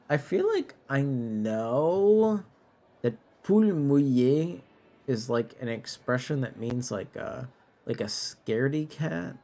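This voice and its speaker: A man's voice: medium pitch, vocal fry, darkish tone. A man streaming a game late at night, sleepy and tipsy, casually translating French text in a drawling, self-deprecating way that stumbles over words.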